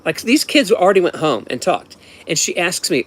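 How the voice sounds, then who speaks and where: A man's voice: high-pitched, very animated, moderate pace, hardly any pauses. A man in his fifties from Ohio telling a personal story at home in a casual, rambling way, often restarting and adding asides. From Ohio, USA. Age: 50s.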